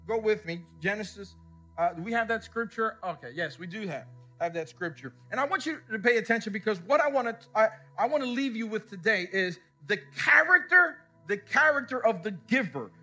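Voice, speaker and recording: A male pastor with a high, bright voice delivers a sermon in church, moving between easy storytelling and questions thrown back at the congregation. Soft music sits faintly behind him. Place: church service before a congregation.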